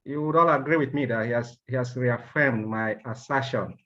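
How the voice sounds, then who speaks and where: A man's voice: mid-range voice, moderate pace, bright, forceful tone, dull audio. A man firmly evaluating a speaking club meeting, insisting there are no excuses for lateness. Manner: firm, admonishing.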